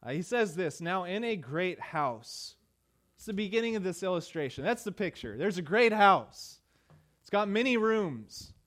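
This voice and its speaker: A pastor preaching a sermon in a conversational way, with many "uh" fillers and emphatic repeated phrases. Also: male voice, high-pitched, big pitch swings, moderate pace. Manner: emphatic rhetorical repetition.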